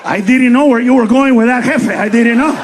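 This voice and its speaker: Male stand-up comic, high voice, brash and profane, quick character bits, faint hiss behind. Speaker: stand-up comedian. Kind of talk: stand-up comedy set. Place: comedy club stage before a laughing audience.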